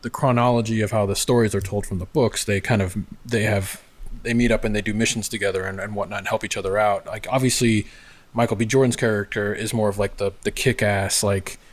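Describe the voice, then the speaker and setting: A man's voice: lowish voice, fairly even intonation, a little fast. A man co-hosting a podcast, chatting and theorizing with lots of fillers. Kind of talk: casual podcast chat.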